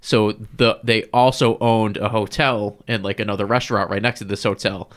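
A man's voice: lowish voice, steady tone, moderate pace. A man talking on a casual podcast in a laid-back way, with lots of "like" and swearing. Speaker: guest.

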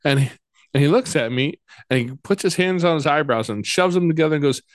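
Relaxed man hosting a chat, dry sound. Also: fairly high pitch, no echo. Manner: relaxed, halting, repeats words often. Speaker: podcast host. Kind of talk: casual interview conversation.

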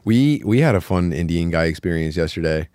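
A man's voice: deep voice, expressive, brisk, a little mellow, smooth, no room sound, studio quality. A man co-hosting a podcast in casual chat, rambling and full of filler words and restarts. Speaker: podcast co-host.

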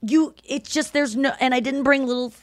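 A woman with a fairly high voice, chatting as a podcast co-host and acting out the people in her stories. She sounds close to the mic in a dry studio with no room echo. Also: moderate pace. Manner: animated storytelling, acts out quotes loudly. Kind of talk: casual chat.

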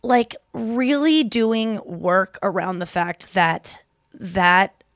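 A woman's voice: mid-range voice, animated, very slow, dry recording, studio quality. A woman in her thirties hosting a podcast, chatting casually and retelling stories with quoted voices. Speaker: podcast host and comedian.

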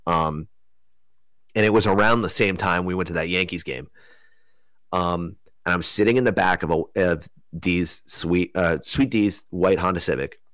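A young man from New Jersey telling a rambling, animated story in casual conversation, loose with slang and swearing. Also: sits low, normal speed, no echo.

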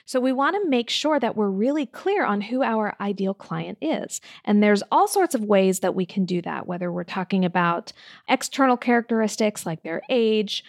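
Woman hosting a coaching podcast, chatty and upbeat, bit of vocal fry, dry close sound. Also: mid-range voice, animated, normal speed, dry recording. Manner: warm, upbeat, direct address to listener. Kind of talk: solo podcast talk.

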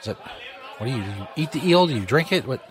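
He talks fast and expressively at medium pitch. He's hosting a radio show live from a pub in a casual, joking way, laughing at his own bits, while the rowdy crowd and music carry on in the background.

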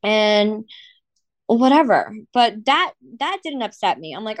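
A woman's voice: mid-range voice, normal speed, no room sound. A woman co-hosting a casual podcast, upset after crying, venting with lots of swearing and fillers. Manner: emotional, swearing, filler-heavy. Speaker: podcast co-host. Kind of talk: casual chat.

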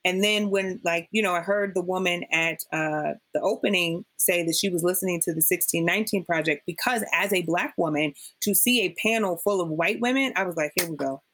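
A woman's voice: on the low side, fairly quick, hardly any pauses. A woman guest in a conversational interview, talking emphatically and acting out what people said to her. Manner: emphatic, animated storyteller acting out quotes. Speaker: podcast guest.

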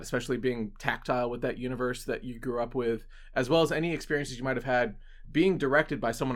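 A man's voice: mid-range voice, fairly bright tone. Man asking long rambling questions. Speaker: interviewer. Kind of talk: casual interview.

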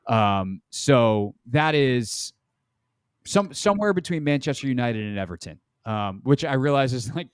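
A man's voice: mid-range voice, expressive, unhurried, clear, resonant tone, no echo. Rambling male sports podcast host, dry sound. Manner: rambling, heavy on "um" and "like". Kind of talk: casual sports chat.

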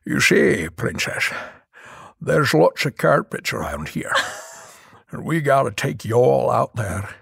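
A drawling Southern-Scottish prince. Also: male voice, medium pitch, sing-song, slow, creaky, long pauses, a bit bright, breathy edge, dry recording, studio quality, exaggerated voice. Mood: hammy. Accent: Southern US drawl mixed with Scottish.

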